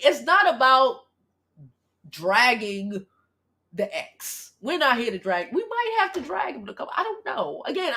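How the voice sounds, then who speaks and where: Woman, 30s, from Brooklyn: gravelly, husky livestream host, blunt and profane, talking fast and animated. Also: sits high. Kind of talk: casual livestream chat.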